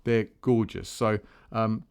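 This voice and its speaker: A man's voice: on the low side, steady tone, slow, gravelly, a little mellow, clean tone. A man hosting a music podcast on his own, chatting casually between songs in a rambling way, often restarting his sentences. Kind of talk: casual solo chat between tracks.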